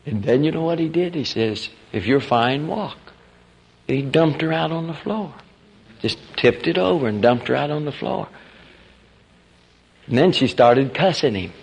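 A man preaching in a folksy, animated storytelling style, acting out the quotes of the people in his stories. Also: on the high side, moderate pace, vocal fry, slightly rough. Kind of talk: storytelling sermon.

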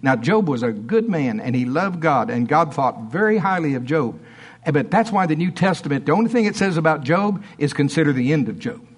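A man preaching in church with a folksy, emphatic delivery. His voice sits a little higher than usual for a man. He swings from loud, driving lines down to quiet, offhand asides. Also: animated, fairly quick, husky. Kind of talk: sermon.

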